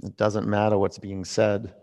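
A man in his forties leading a yoga class, calm and reflective as he tells a personal story between pose cues. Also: on the low side, a little slow. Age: 40s. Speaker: yoga instructor.

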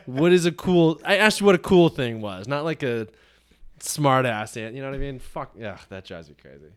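Animated and smooth, a mid-range male voice moves at a moderate pace. He co-hosts a casual sports podcast, ranting with plenty of swearing and acting out mock exchanges.

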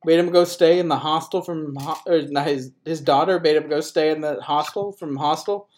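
A man's voice: a little high, fairly even intonation, moderate pace, a little mellow. A man hosting a podcast, telling rambling stories with frequent laughter and swearing. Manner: laughing, profane, rambling anecdotes. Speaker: podcast host. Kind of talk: casual chat, storytelling.

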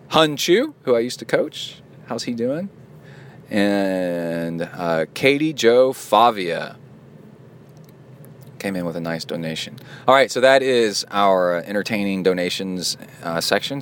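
Playful, low-voiced male podcast host. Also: fairly bright tone, a little hiss or hum. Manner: playful, joking, goofy asides. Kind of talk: casual podcast chat.

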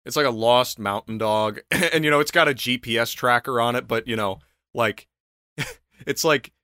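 A young man in casual comedic chat, telling an animated story full of laughter and swearing. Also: medium pitch, moderate pace, clean tone, no echo, clean studio sound.

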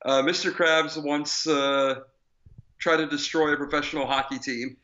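Male podcast co-host, animated and joking, slightly higher voice, dull recording. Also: normal speed. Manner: animated, joking, speeds up when excited. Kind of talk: casual chat.

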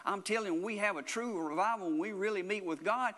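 A man delivers a sermon with earnest, insistent repetition, circling back and restarting his phrases as he presses his point. His voice sits a little higher than most men's, and it rings out with a long reverb that fills the hall around him. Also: fast talker, a bit bright. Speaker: preacher.

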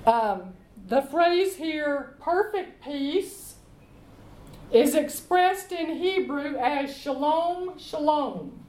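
A woman leading a Bible study, reading scripture aloud and explaining it in a slow, deliberate way. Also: sits high, a little mellow. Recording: echoey room.

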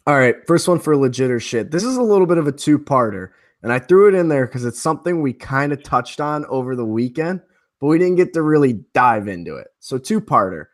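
A man co-hosting a podcast in relaxed, casual banter with some casual swearing. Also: medium pitch, fairly quick. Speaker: podcast co-host.

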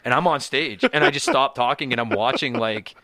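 A young man, a comedian from Canada, telling road stories in casual, animated, profane talk and acting out voices. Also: medium pitch, a little fast, dry recording, clean studio sound. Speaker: stand-up comedian guest. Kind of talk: casual storytelling.

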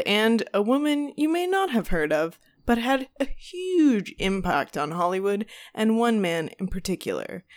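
A young woman co-hosts a casual chat and tells a long story. She rambles, restarts often and breaks into laughter, with an ordinary mid-range pitch. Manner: rambling, laughing, swearing, many ums and restarts. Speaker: podcast co-host.

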